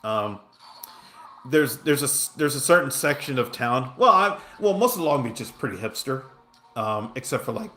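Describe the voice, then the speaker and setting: Bright-voiced rambling male streamer. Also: mid-range voice, lively intonation, moderate pace. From Southern California. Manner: rambling storytelling, many fillers and restarts, reacts to the game. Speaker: game streamer. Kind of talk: casual livestream chat while playing.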